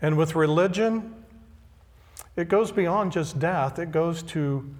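A male pastor preaching a sermon, emphatic and deliberate, repeating key phrases. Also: on the high side, a little mellow. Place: church sanctuary. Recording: long hall reverb.

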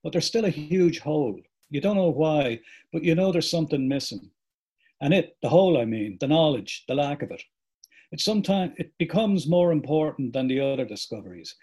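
A man reading aloud as a middle-aged father reflecting on lost memory, in a slow, reflective way. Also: fairly high pitch, warm tone, husky. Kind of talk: reading a book passage aloud.

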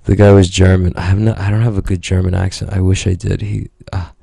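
A man's voice: low-pitched, little pitch movement, fast talker, vocal fry, warm tone, slightly rough, no room sound, studio quality. A man telling a story in casual podcast chat, rambling, profane and joking.

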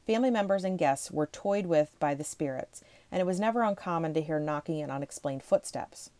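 A woman reads ghost stories to her viewers in a relaxed, chatty way. She rushes ahead, trips over words and stops to laugh at herself. Her voice sits low and mellow, recorded dry and close. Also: no room sound. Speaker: ghost-story video host. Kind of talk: casual reading of ghost stories with asides.

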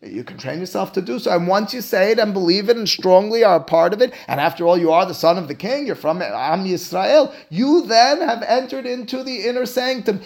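A man, a rabbi, giving a lecture to a class, animated and emphatic, then dropping into quiet asides. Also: high-pitched, brisk, few pauses. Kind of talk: classroom lecture on Jewish philosophy.

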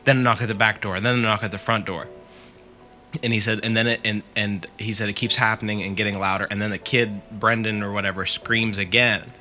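A man with a fairly low, crisp and forceful voice spins a long story for his friends. He talks loosely and chattily, leaning on "like" and "he said" as he goes. Faint music sits underneath. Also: flat delivery, a little fast. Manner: chatty, leans on "like" and "he said" while retelling. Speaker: podcast co-host telling a story. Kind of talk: casual storytelling among friends.

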